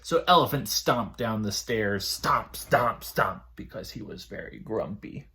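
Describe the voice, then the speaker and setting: Animated man leading a children's story time. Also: on the low side, a little slow, creaky. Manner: animated, sing-song, playful. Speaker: children's librarian.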